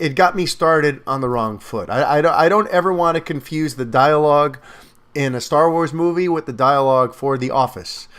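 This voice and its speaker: A man giving a casual spoken film review, animated and talkative, with lots of fillers and restarts. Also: fairly high pitch.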